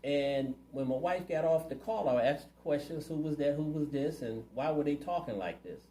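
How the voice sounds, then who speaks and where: A man's voice: a little high, moderate pace, mellow, reverberant, rough recording. A man running for city council, answering interview questions in a plainspoken, earnest way. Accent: Ohio. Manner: earnest, plainspoken, community-minded.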